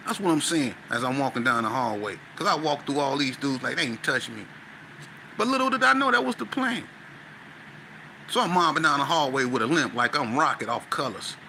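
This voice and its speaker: Bright-toned man telling a lively story. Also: mid-range voice, fairly quick, creaky, a little hiss or hum. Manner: lively, slangy, acts out scenes with sound effects. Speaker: podcast guest. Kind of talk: animated storytelling.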